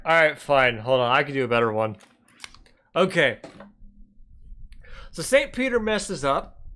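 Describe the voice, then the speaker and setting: A man's voice: fairly high pitch, sharp tone. A man heckling a speech he is playing in a sarcastic comedy reaction, telling jokes with put-on voices. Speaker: commentary YouTuber reacting to a speech.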